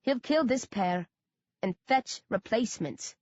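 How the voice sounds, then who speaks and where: A woman's voice: on the high side, expressive, measured pace, darkish tone, dry recording, dull audio. A woman voicing a glum, ashamed prince who murmurs, in an audiobook.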